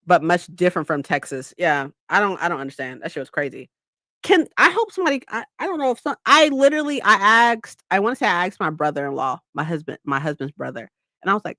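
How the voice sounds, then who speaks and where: A young woman from California chatting casually on a livestream between reading sprints, animated, swearing often and laughing a lot. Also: on the low side, fast talker, no echo, studio quality. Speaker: streamer hosting reading sprints.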